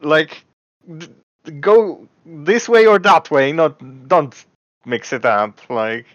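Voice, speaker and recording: A man co-hosting a podcast in casual chat, slow and hesitant with halting restarts. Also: a little high, very animated, a bit bright, dry recording. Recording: dry, dull lo-fi mic.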